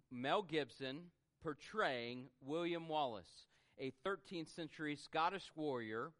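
A man's voice: medium pitch, fairly bright tone, clear, resonant tone. A man preaching a sermon in an earnest, self-deprecating way that builds to emphatic peaks. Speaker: pastor.

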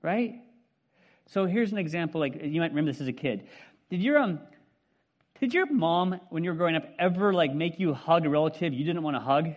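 A man's voice: on the high side, brisk, highs cut off. A middle-aged male pastor giving a casual, conversational sermon, asking his congregation questions with many fillers. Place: church hall with congregation.

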